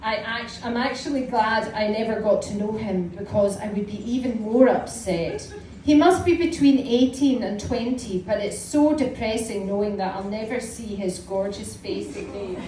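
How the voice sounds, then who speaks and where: Reading her adolescent diary aloud at a small indoor live venue, a Scottish woman in her forties speaks at a normal pace in a mellow, mid-range voice. There's a wry, amused quality to her storytelling. Audience noise and a roomy, distant mic shape the recording.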